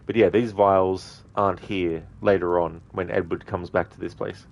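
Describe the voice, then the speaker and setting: Rambling Australian man, deep voice. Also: steady tone, normal speed, gravelly, lo-fi sound, a little hiss or hum. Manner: rambling, lots of fillers. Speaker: streamer playing a video game. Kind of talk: casual commentary.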